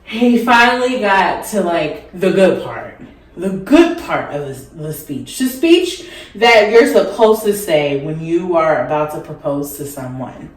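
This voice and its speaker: A woman's voice: lowish voice, big pitch swings, a little slow. A young woman vlogger telling a story in a chatty, rambling way while doing her makeup, with lots of "like" fillers. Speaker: beauty vlogger. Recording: echoey room, mic at a distance.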